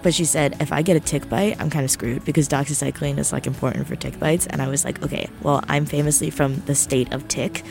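A woman's voice: low voice, fairly even intonation, fairly quick, vocal fry, hardly any pauses. A young woman from New Jersey, hosting a radio show and telling a rambling, self-deprecating story in casual chat. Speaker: radio host. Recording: faint music behind. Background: soft background music.

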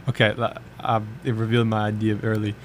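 A young man co-hosting a college radio show chats casually, rambling and trailing off with lots of "like"s and other fillers. His voice is fairly low and monotone, he talks fast, and there's a little hiss or hum in the recording.

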